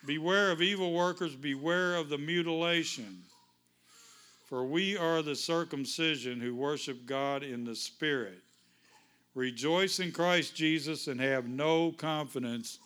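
Guy pastor preaching in church, bright voice, gets the crowd answering back. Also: on the high side, slow, clear, resonant tone. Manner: fervent, call-and-response preaching. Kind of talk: sermon with prayer and scripture reading.

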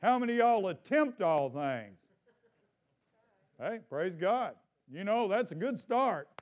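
A man's voice: high voice, very animated. A man preaching a sermon in church, calling out questions to the congregation and stretching out scripture lines for emphasis. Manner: call-and-response with congregation, drawn-out emphatic scripture reading. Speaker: pastor.

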